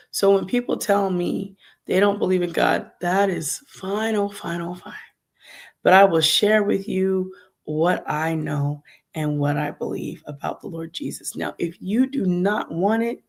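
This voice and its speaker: Gravelly low-voiced woman hosting a devotional podcast. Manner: animated, emphatic, talks to the chat. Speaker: podcast host. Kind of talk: casual devotional livestream talk.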